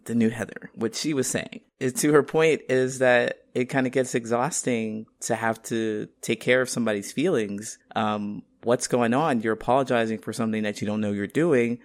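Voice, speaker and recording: A man speaking in an animated, exasperated way in a casual group discussion. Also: mid-range voice, moderate pace, hardly any pauses.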